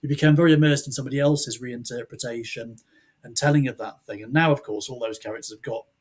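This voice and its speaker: The man, an author guesting on a podcast, talks quickly in a mid-range voice with a breathy edge and fairly level intonation. He's casual and rambling, breaking off his own sentences to start over and chuckling here and there.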